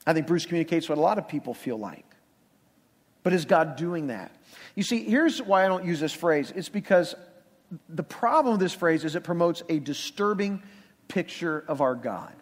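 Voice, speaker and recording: A man's voice: a little high, animated, moderate pace. A male pastor preaching a sermon in a church, conversational with emphatic rhetorical questions. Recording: long reverb of a church hall.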